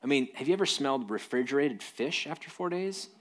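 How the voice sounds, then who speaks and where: A man's voice: mid-range voice, lively intonation, fairly quick. A man preaching a sermon in a conversational way, reading scripture and breaking off into jokey asides. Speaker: pastor.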